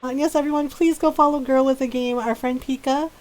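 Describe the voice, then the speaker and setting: A woman's voice: high voice, fairly even intonation, quick pace, darkish tone, low-quality recording. A middle-aged woman game streamer, telling family stories in casual chat and laughing often. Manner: chatty storyteller who laughs often.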